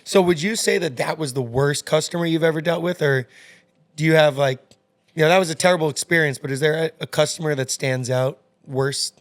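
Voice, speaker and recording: A man with a slightly high voice hosts a relaxed interview in a dry, close sound. He asks questions and reacts to his guest with quick, short exclamations. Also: no room sound. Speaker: podcast host. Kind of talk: casual interview chat.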